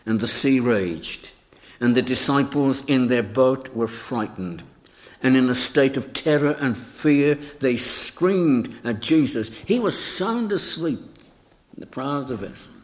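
A man's voice: mid-range voice, expressive, measured pace. A male preacher giving a sermon, emphatic and dramatic, acting out scenes with quoted voices.

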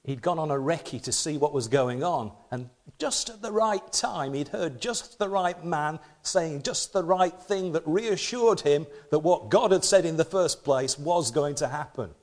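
Male pastor, lively dramatic delivery, slightly higher voice, playful asides in a Sunday sermon. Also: a little slow. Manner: animated, dramatic scripture reading with playful asides.

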